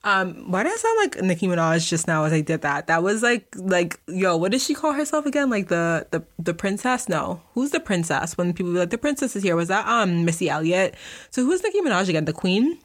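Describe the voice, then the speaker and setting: A woman's voice: lowish voice, big pitch swings, a little fast. A young woman hosting a casual solo podcast from her basement at home, chatting informally without a script and wandering off on tangents. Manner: rambling, goes off on tangents. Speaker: podcast host.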